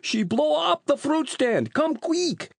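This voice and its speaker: A man reading an audiobook, voicing an excitable Italian-accented fruit seller in broken English. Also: very high-pitched, takes it slowly, vocal fry, no echo, clean studio sound, voice pushed up, heavily acted. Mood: panicked.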